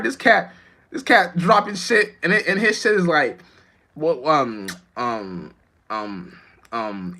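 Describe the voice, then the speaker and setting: Sharp-toned and high-pitched, this young rapper rambles casually on a livestream, often losing track of what he's saying and cursing without restraint as he talks to viewers.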